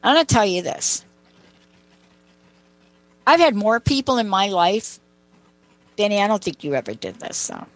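Woman, show host, chatty storyteller, asides to co-host, middle pitch, dry close recording. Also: very animated, normal speed, long pauses, dry recording, low-quality recording. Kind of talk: conversational storytelling.

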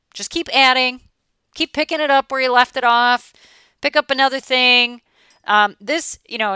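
Woman, forties, mindset coach: blunt and emphatic, casual swearing, bright crisp voice. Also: medium pitch, no room sound. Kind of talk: motivational talk.

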